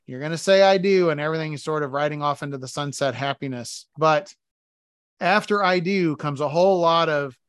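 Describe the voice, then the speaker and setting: A married man co-hosting a podcast, chatting casually and telling animated stories where he acts out domestic arguments. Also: on the high side, a little fast, clear, resonant tone, dry recording, studio quality. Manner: animated storytelling, acting out arguments. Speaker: podcast co-host. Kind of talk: casual chat.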